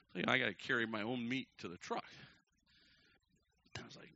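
A man telling a long personal story to a crowd from the pulpit, acting out each quoted person with sudden jumps in pitch and loudness. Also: fast. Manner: animated, acts out the quoted people with big jumps in pitch and loudness. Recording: dull lo-fi recording.

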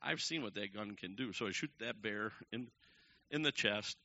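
Very bright-voiced man telling a story. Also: normal speed. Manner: animated, acts out the quoted people with big jumps in pitch and loudness. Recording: dull lo-fi recording.

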